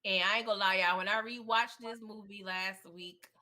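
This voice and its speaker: Bright-voiced woman hosting a movie review. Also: medium pitch, normal speed. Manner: animated, laughing often, emotional retelling. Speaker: movie review channel host. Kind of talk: casual live movie discussion.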